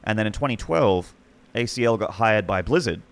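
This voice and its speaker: A man's voice: on the low side, lively intonation, normal speed, creaky. A man in his thirties with an Australian accent, an esports commentator telling his story in a casual podcast chat, rambling with many restarts and fillers.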